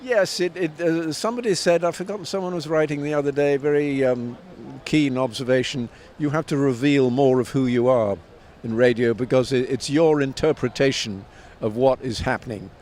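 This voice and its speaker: A man in his seventies, a tennis commentator and author, answering interview questions in a measured, anecdotal way with frequent pauses and restarts. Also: mid-range voice, darkish tone. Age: 70s.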